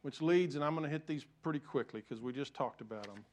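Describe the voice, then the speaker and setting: An older man preaching a sermon, telling stories with self-deprecating humor and swinging from loud emphasis to soft, hushed lines. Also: mid-range voice, quick pace. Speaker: pastor.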